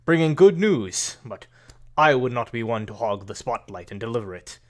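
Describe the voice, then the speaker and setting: Booming, grand old giant hero, loud and proud; a man voices him. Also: animated, moderate pace, close to an everyday voice. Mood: hearty. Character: huge elderly male giant champion, proud, booming.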